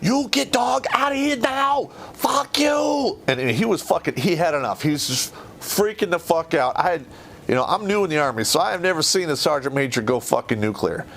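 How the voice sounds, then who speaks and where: This man's voice sits a little high and sounds a bit bright, moving at a quick pace with lively intonation. He hosts a podcast, swapping casual, rambling stories laced with plenty of profanity.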